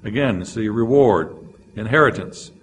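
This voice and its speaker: A man's voice: fairly low pitch, measured pace, a little hiss or hum. Man teaching a Bible lesson. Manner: explanatory, reads scripture aloud with frequent "uh" fillers. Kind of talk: classroom Bible lecture.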